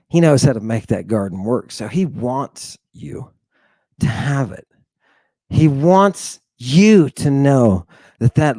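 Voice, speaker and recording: A man's voice: medium pitch, darkish tone, no echo. A man hosting a talk show, giving theatrical commentary on scripture with mocking, preacher-like calls to his audience and many rhetorical questions. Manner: rhetorical questions, drawn-out emphasis. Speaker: podcast host.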